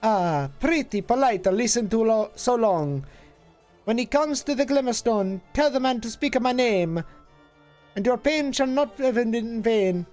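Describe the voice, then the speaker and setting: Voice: medium pitch, lively intonation, a little mellow, faint music behind, pitched above the performer's own voice, close to an everyday voice. A streamer voicing an ancient female hag, cryptic and possessive, with archaic twisted phrasing and a drifting put-on foreign lilt. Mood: crooning. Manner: archaic twisted word order, hissing and drawn-out.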